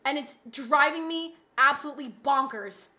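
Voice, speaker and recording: A woman live streamer chatting casually, exasperated and rambling, often bursting into loud yelling. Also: high-pitched, moderate pace.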